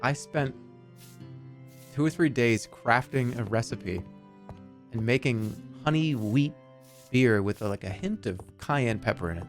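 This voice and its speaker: A man streaming a game, chatting casually with his chat in an animated, joking way. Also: medium pitch, unhurried, long pauses, soft background music.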